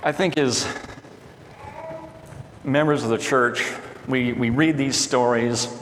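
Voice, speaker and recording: Pastor preaching in an echoey hall. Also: male voice, medium pitch, fairly even intonation, slow, noisy background. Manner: reads scripture aloud and paraphrases it casually. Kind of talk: sermon. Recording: echoey hall with faint ambience.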